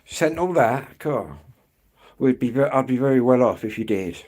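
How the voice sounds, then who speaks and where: English guy, live-stream walk-and-talk, rambling and chatty, mid-pitched, keeps clearing his throat. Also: animated, normal speed, darkish tone. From England. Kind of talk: casual live-stream chat answering viewers. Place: outdoors on an evening street walk.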